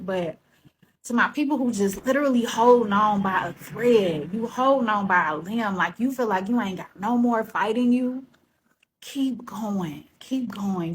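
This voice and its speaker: A woman with a mid-pitched voice telling her own story straight to camera. She talks in an earnest, casual and heartfelt way. She builds into a preacher-like rally urging listeners to keep going, with faint noise behind her. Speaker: vlogger. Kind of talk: personal testimony vlog.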